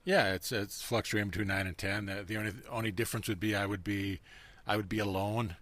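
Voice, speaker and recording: Hesitant low-voiced man. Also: fairly even intonation, a little fast, crowd noise. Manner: hesitant, repeats words. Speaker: coaching participant.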